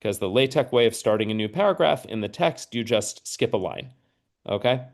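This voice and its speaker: A man with a fairly low voice walks learners through a typing tool on screen. He explains patiently, one step at a time, and keeps checking that they follow. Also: animated, normal speed, gravelly. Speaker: mathematics teacher trainer. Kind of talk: screen-share lesson.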